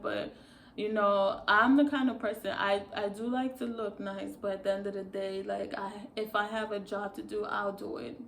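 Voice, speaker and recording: A woman's voice: medium pitch, fairly even intonation, moderate pace, a little hiss or hum. Rambling woman vlogger in an echoey room. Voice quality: rambling, lots of fillers and restarts. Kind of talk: casual talk to camera.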